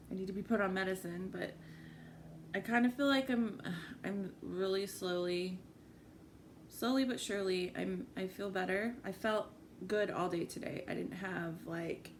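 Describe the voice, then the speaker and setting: A woman's voice: medium pitch, slight background noise. A young woman vlogging at home while she eats, rambling and self-deprecating, swearing and laughing often. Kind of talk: rambling casual chat while eating.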